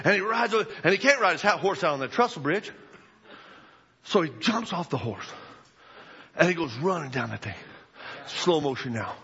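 A high-voiced male preacher with a husky, forceful tone, telling a story with animated energy and bursts of shouting. His voice rings out through a large hall on a dull, lo-fi recording. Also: normal speed, long pauses. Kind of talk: sermon storytelling. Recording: echoey hall, dull lo-fi sound.

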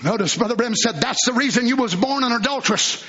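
A man preaching a fervent sermon, swinging between shouts and low asides. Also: sing-song, brisk, muffled recording.

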